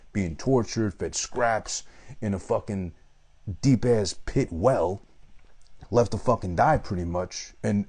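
A man's voice: fairly low pitch, darkish tone, slightly rough. A man giving a rambling, profane, casual monologue about a movie he loves. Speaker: movie reviewer.

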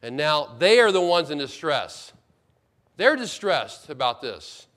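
A male pastor delivering an expository sermon in a slightly higher-than-usual voice. He moves between loud, emphatic declarations and soft, quiet asides, sometimes acting out the words of the characters he describes. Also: very animated, measured pace. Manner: expository preaching, voicing Bible characters in paraphrase.

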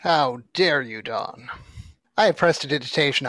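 A man's voice: fairly high pitch, animated, unhurried, a bit bright, dry recording. A man playing a tabletop game, speaking grandly and theatrically. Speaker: player. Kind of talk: in-character play.

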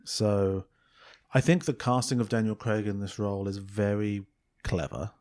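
A man's voice: on the low side, normal speed, darkish tone. A man co-hosting a film podcast, chatting casually with jokes and frequent restarts. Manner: joking, rambling, with restarts. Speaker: podcast co-host.

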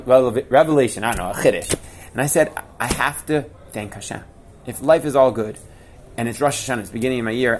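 A young man and Torah teacher telling a personal story with lively energy, repeating himself and dropping Hebrew and Yiddish terms. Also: medium pitch, a little hiss or hum. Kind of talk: storytelling talk.

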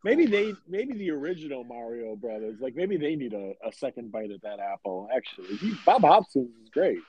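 An easygoing man on a podcast reacts quickly and laughs often. His voice rises and falls a lot as he talks. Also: mid-range voice, big pitch swings, warm tone, husky, dull audio. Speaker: podcast co-host. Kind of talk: casual podcast banter.

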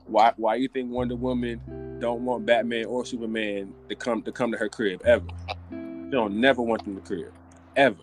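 A man hosting a podcast, ranting in an animated, joking and profane way with lots of restarts. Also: medium pitch, moderate pace, soft background music. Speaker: podcast host. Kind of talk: casual comedic podcast chat.

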